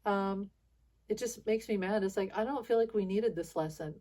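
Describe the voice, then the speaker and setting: A woman's voice: medium pitch, dark tone. Frustrated rambling woman vlogger. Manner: rambling and frustrated, with restarts and little laughs. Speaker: spiritual video channel host. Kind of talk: casual monologue to viewers.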